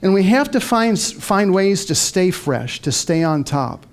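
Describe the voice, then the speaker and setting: A middle-aged man with a notably high-pitched voice delivers a motivational talk to a live audience. He tells his story lively and acts out the back-and-forth in his head. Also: a little slow. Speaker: motivational speaker.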